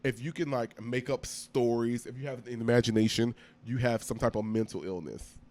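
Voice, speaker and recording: A man co-hosting a podcast, chatting casually, quick to joke and laugh. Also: medium pitch, a little mellow. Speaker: podcast co-host. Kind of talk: casual chat.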